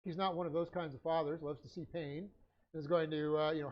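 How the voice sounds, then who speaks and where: A man with a somewhat high voice leads a Bible study class, dictating his notes in a halting way that is full of fillers and restarts. The audio is a dull, lo-fi stream recording. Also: steady tone. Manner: halting, frequent uh fillers and self-corrections.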